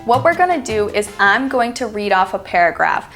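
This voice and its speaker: A woman with an American accent teaching an online accent reduction lesson, slowing down to stress example words and acting out short sample sentences. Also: medium pitch, sing-song, music in the background. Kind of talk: online lesson, clear instructional delivery.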